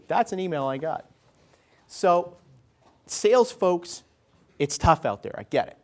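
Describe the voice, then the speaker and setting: A man's voice: medium pitch, very animated, moderate pace, pauses often. A man giving a conversational business talk to a live audience, folksy and acting out what salespeople and executives say. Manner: conversational, folksy, acts out quotes. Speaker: keynote speaker. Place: event venue in front of an audience.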